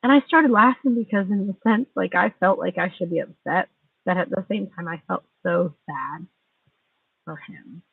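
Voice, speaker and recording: A woman's voice: lowish voice, moderate pace, gravelly, slightly rough, no room sound. Angry, profane woman venting on a livestream. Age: 40s. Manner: bitter, sarcastic, profane. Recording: tinny distant phone mic.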